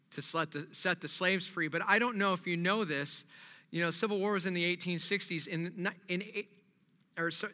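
A man preaching a sermon as pastor, moving between quiet reflection and loud animated preaching. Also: high-pitched. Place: church. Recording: long reverb of a large hall.

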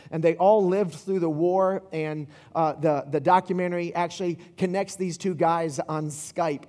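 Guy preaching casually, bit high voice, rambles through a movie story, big echoey church. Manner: animated storytelling with asides and restarts. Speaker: pastor. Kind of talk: casual sermon.

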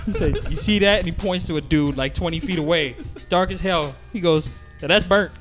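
A man of Panamanian family, animated and laughing as he tells a story in casual podcast banter. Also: fairly high pitch, fairly quick, music in the background. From United States, family from Panama. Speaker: podcast co-host.

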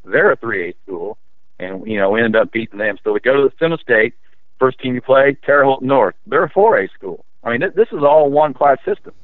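A middle-aged man, a former high school basketball player, telling his memories in a rambling, animated way with many fillers. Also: a little fast, no echo, narrow, tinny audio. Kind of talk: casual interview storytelling.

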